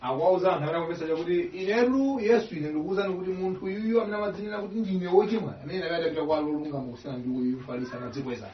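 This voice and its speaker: Rapid-fire man interpreting a sermon. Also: high voice. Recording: roomy, distant, dull sound.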